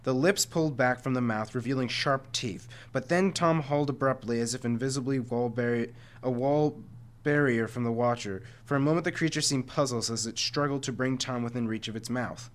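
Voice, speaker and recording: Guy reading a kids book out loud to folks, trips over words and fixes them, middle-pitched voice. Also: brisk. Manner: frequent stumbles and self-corrections. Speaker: reader reading a chapter book aloud to listeners. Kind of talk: reading aloud.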